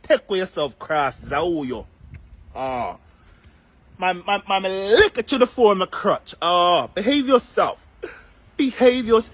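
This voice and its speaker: Playful high-voiced Jamaican man. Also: lively intonation, unhurried, a bit bright. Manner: playful and theatrical, greeting viewers by name, repeating phrases in a sing-song way. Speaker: vlogger doing a live stream. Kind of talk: casual live-stream chat. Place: outdoors in the rain.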